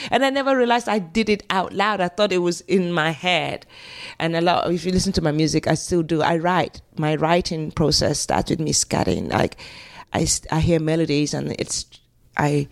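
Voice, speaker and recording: A woman's voice: deep voice, vocal fry. A middle-aged woman with a Nigerian accent, telling stories as an interview guest and acting out quotes. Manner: animated storyteller who scats and acts out quotes. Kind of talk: conversational interview storytelling.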